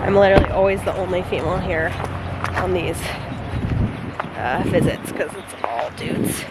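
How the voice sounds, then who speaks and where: A woman's voice: mid-range voice, expressive, moderate pace, very noisy. A woman hosting a casual home vlog, laughing often and teasing, with a congested voice. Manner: giggly, playful, teasing. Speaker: vlog host.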